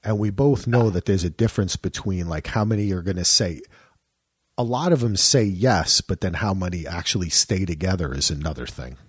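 Man, husky voice, lively swooping pitch, casual podcast chat, dry close sound. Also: a little fast, dry recording. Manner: animated, laughs, mimics people in quoted bits. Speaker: podcast co-host.

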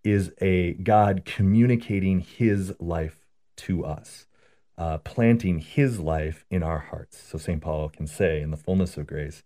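A priest with a low, mellow voice speaks slowly as he teaches about prayer in conversation. He's earnest and tells stories, often adding "right?".

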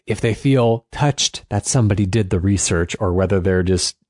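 A low-voiced man talks in a loose, rambling way, using lots of fillers and laughing softly. The recording is close and dead dry, with no room sound at all. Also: normal speed, no room sound. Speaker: podcast co-host. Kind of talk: casual chat.

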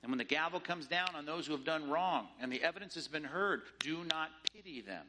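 A man's voice: fairly high pitch, expressive, a little fast, noisy background. A man preaching a sermon in an emphatic, rhetorical way, often mimicking the views he argues against. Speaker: pastor.

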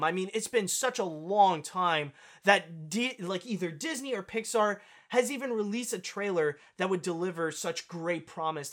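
Excited man rambling through animation news. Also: high-pitched. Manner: enthusiastic, rambling with fillers. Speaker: podcast host. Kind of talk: casual news commentary.

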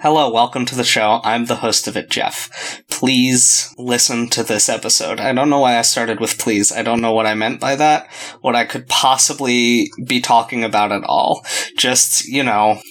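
A man's voice: mid-range voice, fairly even intonation, normal speed, a bit bright. A man hosting a podcast, talking in a wry, meandering way and poking fun at himself. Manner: self-deprecating, meandering, wry; mock-dramatic intro narration. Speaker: podcast host. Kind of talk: rambling podcast chat.

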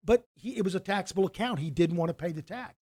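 A man's voice: high-pitched, quick pace, a little mellow, breathy edge. A middle-aged man, a financial advisor, telling a story in casual conversation, rambling with many restarts and acting out quoted dialogue.

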